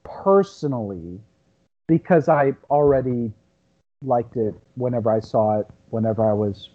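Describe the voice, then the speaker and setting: A man's voice: mid-range voice, unhurried, dull audio. A man in his thirties discussing movies on a casual podcast, reflective and thinking aloud with frequent restarts. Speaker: podcast co-host.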